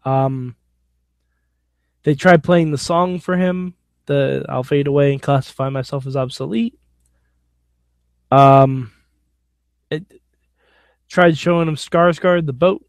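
A man hosts a solo podcast recapping wrestling casually, opinionated and blunt, sometimes profane. His voice is a little high and slow with long pauses, in clean studio sound with no echo.

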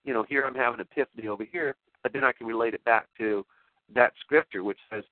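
Excitable man on a tinny phone line. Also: mid-range voice, fast talker, no room sound. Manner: excitable and emotional, with many restarts. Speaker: talk show host. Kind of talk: rambling spoken monologue.

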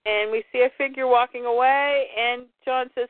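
A woman co-hosts a casual podcast, speaking in a high-pitched, steady voice at a moderate pace over a dry, phone-like line with no room sound. She retells a comic book story, quoting the characters in lightly altered voices.

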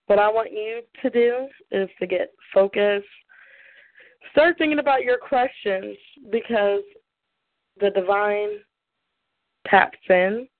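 A woman with a Southern US accent hosting a call-in radio show, chatty and bubbly, laughing often. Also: medium pitch. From American South. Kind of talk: casual call-in radio chat. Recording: tinny phone line.

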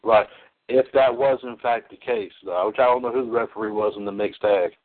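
A man's voice: fairly low pitch, steady tone, brisk. A man hosts a casual wrestling trivia chat, wandering through his thoughts and restarting sentences. Now and then he slips into a mock-grand announcer flourish. His voice comes through thin and boxy, like a phone call. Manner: rambling, self-correcting, playful announcer flourishes. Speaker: trivia show host. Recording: phone-like lo-fi audio.

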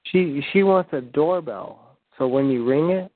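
A man talks casually over a voice call, rambling and restarting his sentences as he goes. His voice sits a bit high. The sound is tinny and phone-like, with no room around it. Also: measured pace, no echo. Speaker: prank call host.

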